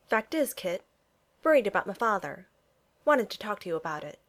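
A woman voicing a blunt, good-natured young Regency gentleman who talks in clipped phrases and drops his pronouns. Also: medium pitch, sing-song, normal speed, lightly acted. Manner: clipped speech, dropped pronouns.

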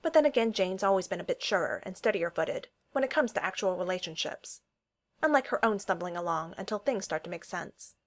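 Casting: woman storyteller, lively intonation, reading fiction aloud. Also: medium pitch, a little fast.

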